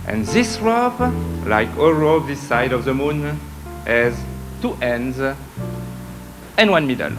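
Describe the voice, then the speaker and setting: A man from France with a French accent, performing magic in slow, whimsical stage patter. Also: fairly high pitch, low-quality recording. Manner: whimsical, deliberate audience-teasing delivery.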